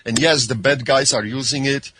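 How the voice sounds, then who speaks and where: A man with a Polish accent, a guest on a radio show, speaking in halting English full of pauses, friendly. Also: mid-range voice, steady tone, noisy background. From Poland. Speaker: guest, gun channel creator and serviceman. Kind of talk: phone-in radio interview.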